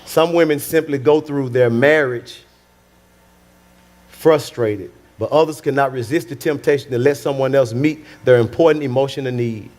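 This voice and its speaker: A man's voice: mid-range voice, moderate pace, darkish tone. A male pastor preaching a sermon in a conversational style, repeating phrases and calling out to the congregation. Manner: conversational, repetitive, calls out to the congregation.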